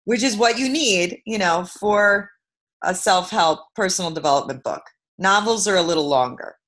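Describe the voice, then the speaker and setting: A woman from Brooklyn, New York, telling a personal story as an interview guest, shifting from loud emphasis to hushed asides. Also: medium pitch, normal speed. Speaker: guest, author.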